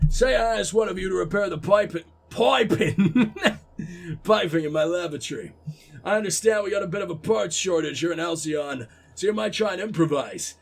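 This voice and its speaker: A man with a Cockney accent voicing a stern male sports coach who lectures his team, straining for an American gruffness. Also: high-pitched, full character voice. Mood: lecturing.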